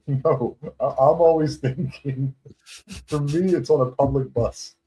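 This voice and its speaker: A man's voice: mid-range voice, fairly even intonation, takes it slowly, warm tone, slightly rough. A man co-hosting a podcast, laughing a lot and egging his partner on in casual banter. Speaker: podcast co-host.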